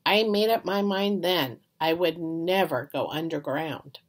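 A woman reading a children's chapter book aloud in an expressive storytelling manner. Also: low-pitched, measured pace. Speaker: reader.

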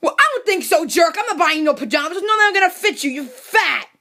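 A woman's voice: extremely high pitch, expressive, quick pace, sharp tone, exaggerated voice. A woman doing a ranting cranky mushroom servant. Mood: exasperated. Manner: exasperated ranting, sarcastic.

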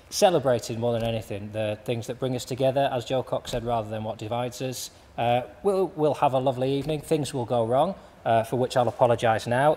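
A man hosting a charity fundraiser stream, introducing acts in a dry, self-deprecating way with halting uhs. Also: medium pitch, darkish tone. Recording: reverberant room with faint background noise.

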